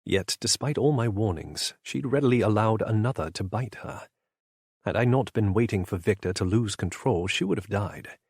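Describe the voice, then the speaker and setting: Deep husky male audiobook narrator. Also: animated, normal speed, darkish tone, no room sound, clean studio sound. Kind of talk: first-person audiobook narration.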